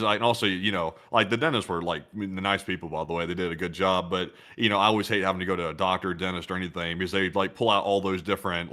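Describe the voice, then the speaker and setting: A man's voice: deep voice, sharp tone. A man with a Southern American accent, co-hosting a show and telling rambling stories in casual chat. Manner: rambling, storytelling with acted-out quotes. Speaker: co-host.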